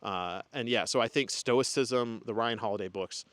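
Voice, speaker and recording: Young guy vlogging, earnest and rambly, lots of likes and uhs, normal pitch. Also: normal speed, fairly bright tone, dry recording. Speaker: spiritual content creator. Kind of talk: casual reflective vlog talk.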